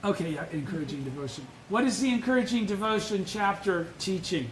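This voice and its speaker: Male study-group leader, high voice, blunt emphatic lecturing style; roomy echo. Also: animated, a little fast. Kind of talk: informal Buddhist study lecture. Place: indoor meeting room, live-streamed. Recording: echoey room with faint noise.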